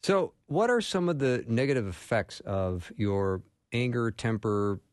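A man hosting a talk show, asking long, measured questions. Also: medium pitch, expressive, no room sound, clean studio sound. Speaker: host. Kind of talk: radio talk show interview.

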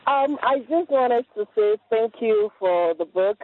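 A woman's voice: a little high, lively intonation, a little slow, no room sound. Hesitant woman caller on a tinny phone line. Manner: hesitant, soft-spoken, seeking encouragement. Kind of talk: call-in radio talk.

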